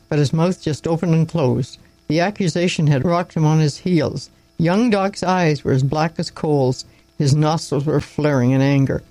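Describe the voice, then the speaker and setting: A man reading a story aloud in a steady voice, with occasional slips and restarts. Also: fairly high pitch, no room sound, poor audio. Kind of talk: storybook narration read aloud.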